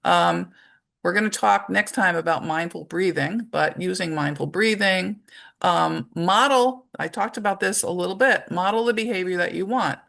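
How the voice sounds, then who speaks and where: Middle-aged woman, low gravelly voice, workshop presenter, loose and conversational. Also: normal speed, a bit bright. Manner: conversational, with many fillers and acted-out examples. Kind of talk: informal presentation talk.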